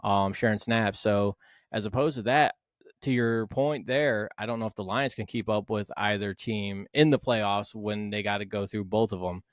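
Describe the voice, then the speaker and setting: A man co-hosting a casual sports podcast, arguing his side with animated, swearing talk. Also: fairly low pitch, normal speed, dry recording, clean studio sound. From Philadelphia Eagles fan. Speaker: podcast co-host.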